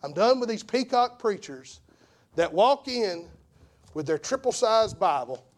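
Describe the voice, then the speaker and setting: Impassioned preacher, high and swooping. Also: male voice, sing-song, a little slow. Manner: impassioned, swings from hushed to shouting; repeats phrases for emphasis. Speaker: evangelist preacher. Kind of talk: sermon.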